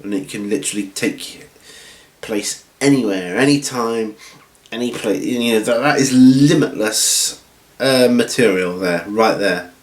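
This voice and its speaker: A man hosting a hobby channel from home, chatting casually through viewer questions in a rambling, relaxed way with lots of ums and restarts. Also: on the low side, unhurried. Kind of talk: casual Q&A chat. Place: at home, seated with feet up. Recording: roomy room echo.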